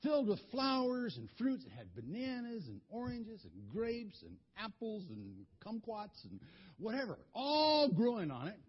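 A boastful, easily rattled king from a children's Bible story, as a man puts him on rambles along with halting restarts. His voice sits fairly high and breathy and swings widely in pitch. The recording sounds dull and lo-fi. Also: huge pitch swings, exaggerated voice. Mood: rambling.

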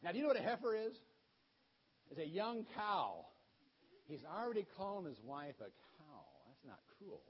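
A man, a pastor, telling a playful, animated Bible story to children. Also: high voice, slightly rough, lo-fi sound.

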